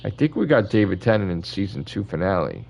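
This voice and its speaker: A man's voice: low-pitched, very animated, fairly quick, vocal fry, a little mellow, slight background noise. A man hosting his channel, ranting in casual fan commentary with blunt opinions and constant swearing. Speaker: channel host.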